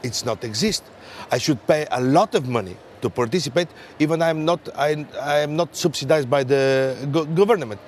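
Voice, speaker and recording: Emphatic man, halting English. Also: fairly high pitch, slight background noise. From Bulgaria. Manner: emphatic, halting, non-native English with many fillers. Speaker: member of European Parliament. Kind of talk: round table discussion.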